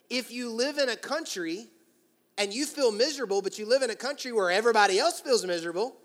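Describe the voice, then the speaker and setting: A man preaching a sermon to his church, animated and acting out inner voices with quick asides to the congregation. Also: sits high, in a large hall. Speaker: pastor. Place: large church hall.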